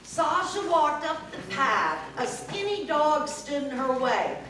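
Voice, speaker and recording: A woman reading a folk tale aloud in a slow, expressive way, heard from far off in an echoey event hall. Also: sits high, slight background noise. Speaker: storyteller. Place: event hall at a senior center fair.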